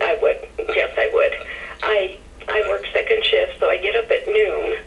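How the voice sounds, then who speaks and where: Woman caller, 40s, choked up and gushing, gravelly voice on a dull, distant phone line. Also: medium pitch, moderate pace. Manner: tearful, gushing, fighting back tears. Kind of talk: emotional radio call-in. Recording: muffled phone line from afar.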